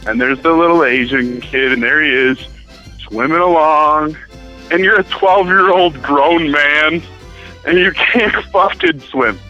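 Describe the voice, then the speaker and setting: A man's voice: fairly high pitch, a little slow, sharp tone, lo-fi sound, soft background music. A man calling in to a talk show, ranting and teasing the hosts in casual, profane banter. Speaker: caller.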